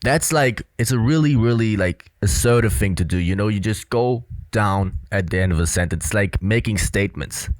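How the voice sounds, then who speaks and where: A man's voice: on the low side, normal speed, few pauses, no echo. A young man giving casual commentary as a body language coach, earnest, with many fillers. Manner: earnest, repetitive, filler-heavy explaining.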